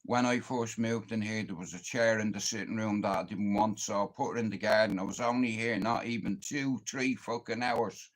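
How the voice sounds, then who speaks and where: A man's voice: on the low side, steady tone, normal speed, hardly any pauses. An Irish man livestreaming, telling a long, confrontational story full of swearing and boasting. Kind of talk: casual storytelling rant.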